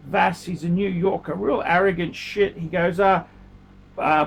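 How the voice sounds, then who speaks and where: A man's voice: high voice, a little slow, gravelly, breathy edge. A man, a watch collector, ranting casually to camera with heated, profane language.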